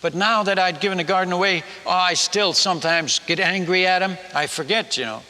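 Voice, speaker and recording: Man, missionary preacher, sermon storytelling, self-mocking, stammering restarts, high voice, very bright tone. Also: brisk, long reverb tail.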